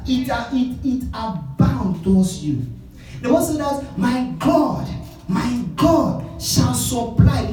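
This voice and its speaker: A man preaching with energy, shouting and trading calls and responses with a crowd. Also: very high-pitched. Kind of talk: sermon. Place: large conference hall. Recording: echoey hall from far off with music.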